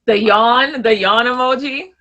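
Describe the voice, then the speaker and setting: Bright-voiced playful young woman guest. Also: on the high side. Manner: playful, easygoing, quick to laugh along. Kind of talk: casual interview chat.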